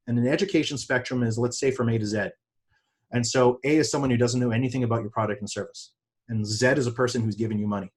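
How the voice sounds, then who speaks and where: In a seminar setting, a man talks as a business coach, energetic and conversational, his voice jumping abruptly higher when excitement hits.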